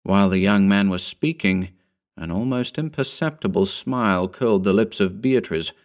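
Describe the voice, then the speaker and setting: A man reading an old story aloud in a measured, formal narration. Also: lowish voice, animated. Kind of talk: scripted narration.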